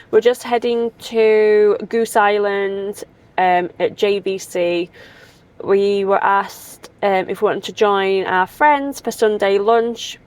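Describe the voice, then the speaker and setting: A woman's voice: mid-range voice, clear, resonant tone. A woman, chatting casually and rambling animatedly as she talks to her vlog audience. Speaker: vlogger.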